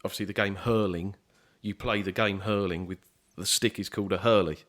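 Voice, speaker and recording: A man's voice: low-pitched, fairly even intonation, fairly quick, fairly bright tone. A young man from southeast England, a musician guest chatting casually in a podcast interview, easygoing and rambling with lots of fillers.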